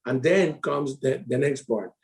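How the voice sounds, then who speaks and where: A middle-aged man with a Latino accent telling his story on a call, animated and in broken English. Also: mid-range voice, unhurried. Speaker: insurance advisor. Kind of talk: casual call talk.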